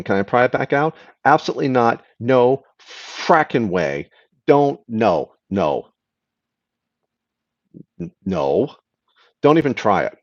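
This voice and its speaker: A man's voice: fairly low pitch, highs cut off. Man hosting a live-stream Q&A. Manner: explains patiently, answers chat questions, trails off and restarts.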